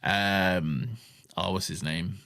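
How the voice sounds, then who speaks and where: A man's voice: sits low, steady tone, takes it slowly, creaky, pushed and bright. A man co-hosting a podcast in casual chat, laughing often and slipping into silly voices. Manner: giggly, puts on silly voices, trails off. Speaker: podcast co-host.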